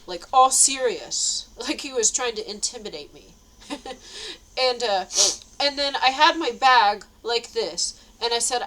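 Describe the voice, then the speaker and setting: A woman's voice: a little high, lively intonation, a little slow, pushed and bright, low-quality recording. A woman telling a rambling story in a casual vlog, with frequent nervous laughs. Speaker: vlogger.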